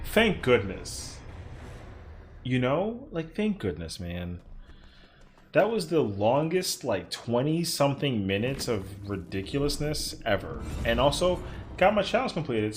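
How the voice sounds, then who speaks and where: A young man's medium-pitched voice comes through with a little hiss or hum. He's a streamer casually commentating his own gameplay, swearing in frustration and chatting with his viewers.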